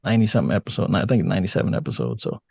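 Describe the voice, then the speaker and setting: An older man with a deep, calm radio voice, chatting casually as a podcast guest, relaxed and laughing, with halting restarts. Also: gravelly, breathy edge, dry recording. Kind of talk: casual interview chat.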